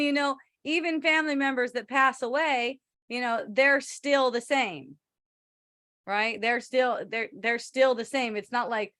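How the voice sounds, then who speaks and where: A woman's voice: a little high, fairly bright tone, dry recording, clean studio sound. A woman spiritual teacher answering a listener in a rambling, chatty way, swearing casually and laughing often.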